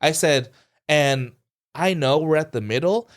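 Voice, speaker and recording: A man's voice: on the high side, measured pace. Man telling a story on a podcast. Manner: animated retelling, acts out quoted voices, fillers like "like". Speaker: podcast co-host. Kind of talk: casual storytelling chat.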